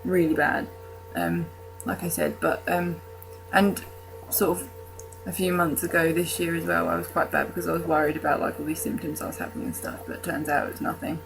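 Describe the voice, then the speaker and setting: A woman's voice: sits low, very animated, a little fast, creaky, hardly any pauses, music in the background, poor audio. A young woman from the UK talking casually to camera in her vlog, rambling with fillers and restarts and self-mocking jokes. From United Kingdom. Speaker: vlogger.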